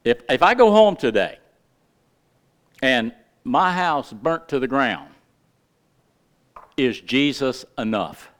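A middle-aged male pastor preaching a sermon, with lively asides and questions to his congregation. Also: mid-range voice, slow pace, long pauses.

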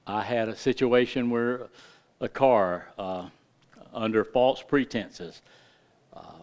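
A middle-aged male pastor preaching a sermon with impassioned emphasis, his delivery swinging between loud, rising lines and hushed, quiet ones. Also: medium pitch, slow, pauses often, smooth.

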